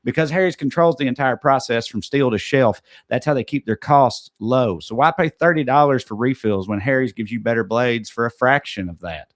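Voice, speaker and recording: A man's voice: mid-range voice, moderate pace, few pauses. A man co-hosting a podcast, reading sponsor ads in a casual way with joking, off-the-cuff asides. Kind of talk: casual ad read.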